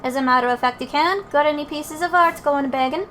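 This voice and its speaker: Cheeky little Welsh fairy lad, put on by a woman, high-voiced and blunt, game sidekick. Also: brisk, a bit bright, slight background noise. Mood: coaxing. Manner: chatty, blunt, folksy.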